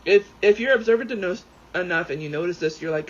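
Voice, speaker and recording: A man rambling excitably as he plays a game, swearing freely and often going off on tangents. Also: high voice, quick pace. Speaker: gaming YouTuber. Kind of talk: casual commentary while playing. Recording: dull lo-fi sound with faint background noise.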